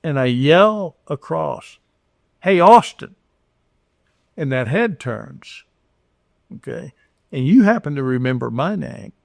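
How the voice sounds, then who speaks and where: Gravelly and expressive, a medium-pitched voice belongs to an older man from Houston, Texas, who tells stories on a podcast at a measured pace. He is earnest, often restarts, and voices the dialogue himself, recorded dry.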